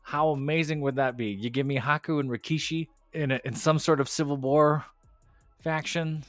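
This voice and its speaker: A man co-hosting a wrestling podcast in casual chat, opinionated and animated, laughing often. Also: on the high side, normal speed, no echo, soft background music.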